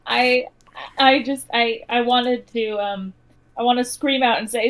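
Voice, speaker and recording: High-voiced, hesitant woman player. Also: steady tone, unhurried, low-quality recording. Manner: hesitant, soft-spoken. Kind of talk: playing a tabletop game.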